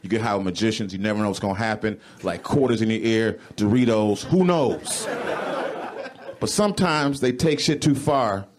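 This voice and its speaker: Dude doing standup in a club, swears a lot, squeaks way up high for bits, loud crowd laughing behind. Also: male voice, normal speed. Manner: animated, profane, jumps to high exclaimed voices. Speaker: stand-up comedian. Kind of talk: stand-up comedy set. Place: comedy club stage. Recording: live club recording with crowd. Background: audience laughing.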